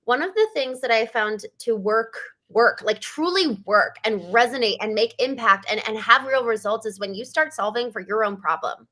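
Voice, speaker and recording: Woman, podcast host, bright and fairly high voice, upbeat and affirming. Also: normal speed, hardly any pauses. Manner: enthusiastic, affirming. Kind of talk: interview.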